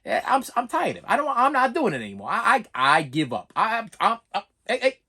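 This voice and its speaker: A man's voice: sits high, huge pitch swings, brisk, sharp tone, breathy edge. A middle-aged man ranting in a comedic vlog, exasperated and stumbling over restarts. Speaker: vlogger. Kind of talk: comedic rant and unboxing vlog.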